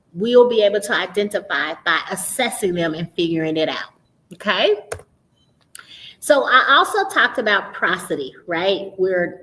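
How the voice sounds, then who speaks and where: A woman's voice: medium pitch, low-quality recording. Woman explaining reading skills to parents. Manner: explanatory, checks in with frequent "right?" and "okay?". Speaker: literacy educator and podcast host. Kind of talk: instructional talk to parents.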